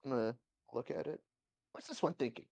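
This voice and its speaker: A woman's voice: rumbling low, brisk, vocal fry, darkish tone. A woman player in a tabletop game, talking casually with lots of fillers. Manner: chatty, full of fillers like 'like'. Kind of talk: casual tabletop role-play.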